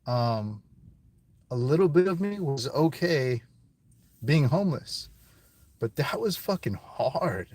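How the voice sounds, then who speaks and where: A man in a candid street interview, emotional and near tears, talking in halting bursts with repeated words and heavy swearing, outdoors on a street. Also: a little high, expressive, darkish tone, husky, dry recording.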